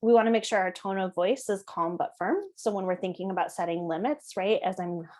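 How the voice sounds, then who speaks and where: A woman teaching parents in a calm, conversational way, often checking in with the listener. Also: medium pitch, fairly quick. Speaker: parenting educator. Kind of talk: explanatory talk to parents.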